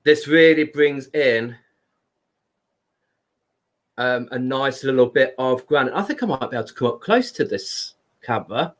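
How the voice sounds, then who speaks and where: A man hosts a live stream in a loud, chatty voice. He speaks slowly and unhurriedly, as if chatting with friends. His pitch sits in a middle range. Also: expressive. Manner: unhurried, chatty, talks to viewers by name. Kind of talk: casual live stream talk.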